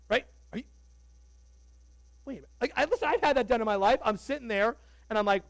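A man preaching a sermon as pastor, animated and conversational, joking with the congregation. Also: extremely high pitch, quick pace, no echo, low-quality recording.

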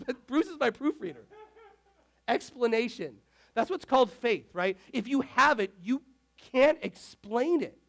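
A man preaching a casual, animated sermon, peppering his speech with "like". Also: extremely high pitch, unhurried, vocal fry. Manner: animated, filler-heavy with frequent "like"; talks to the tech crew mid-sermon. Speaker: pastor.

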